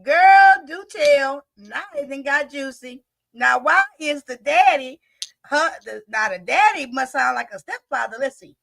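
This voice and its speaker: Woman, reaction host, casual chat, high pitch, animated. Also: unhurried, gravelly, no room sound. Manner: animated, chatty, reads out viewer comments. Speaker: host reacting to a storytime video.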